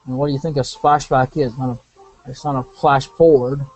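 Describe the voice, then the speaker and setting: A man's voice: mid-range voice, steady tone, moderate pace, poor audio. A man giving casual, rambling gameplay commentary, correcting himself and drifting into asides. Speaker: let's play commentator.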